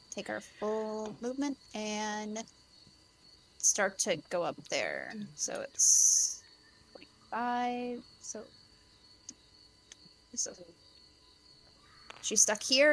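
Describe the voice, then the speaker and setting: Woman, tabletop player, slow hesitant speech, lively pitch swings. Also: gravelly, slight background noise. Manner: hesitant, lots of ums and likes. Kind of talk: casual tabletop play.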